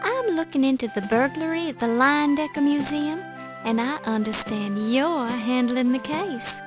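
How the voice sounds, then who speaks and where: A woman's voice: high-pitched, unhurried, music in the background. An actress playing a young, determined woman newspaper reporter in a video game, polite but firm. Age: young adult.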